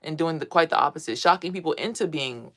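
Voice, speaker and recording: A woman's voice: sits low, fast talker, fairly bright tone. A woman talking casually to her viewers as a spiritual vlogger, blunt and profane, telling stories with emphasis. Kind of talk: casual monologue to a live chat.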